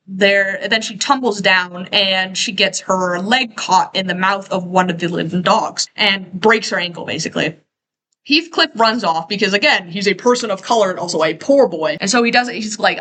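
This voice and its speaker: A woman in her twenties giving a casual, profane, sarcastic rant as she recaps a story, tossing in quick quoted asides. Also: medium pitch, pushed and bright, low-quality recording. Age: 20s. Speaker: video essayist.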